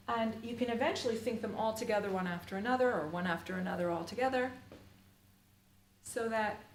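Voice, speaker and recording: A middle-aged woman teaching the Alexander Technique in a live workshop, talking in a rambling, playful way full of fillers. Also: medium pitch. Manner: rambling, playful and chatty, full of "you know" and "like". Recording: roomy echo with faint ambient noise.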